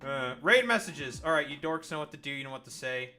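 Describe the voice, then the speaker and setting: A man's voice: medium pitch, steady tone, fast, pushed and bright, soft background music. Tired, profane streamer man ranting. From Canada. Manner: profane, sarcastic, rambling. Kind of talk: late-night livestream rant.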